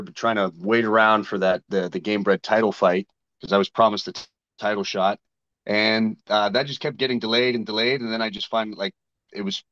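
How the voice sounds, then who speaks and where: On a muffled recording, a guest fighter from Canada talks in a fairly low, fairly bright voice during a laid-back interview. Blunt and full of stories, he replays exchanges with other people by voicing each side himself.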